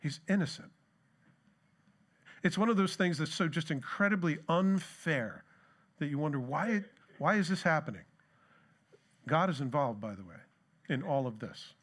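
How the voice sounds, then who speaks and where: A man's voice: on the high side, lively intonation, moderate pace, a bit bright. A middle-aged man giving a conversational sermon as pastor, asking the congregation rhetorical questions and telling anecdotes.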